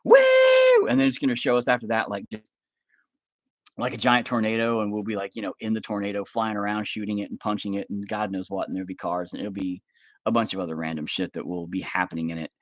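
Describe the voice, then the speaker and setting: Low-voiced swearing guy rambling. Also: flat delivery, fast talker, dry recording, studio quality. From Oklahoma. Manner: rambling, swears a lot, says "bro". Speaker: vlogger. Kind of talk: casual rambling vlog. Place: at home, kids nearby. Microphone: phone held up.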